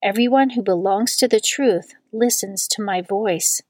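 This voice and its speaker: A woman reading the words of a calm, dignified condemned man in a quiet, measured way. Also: mid-range voice, no echo, lightly acted. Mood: solemn.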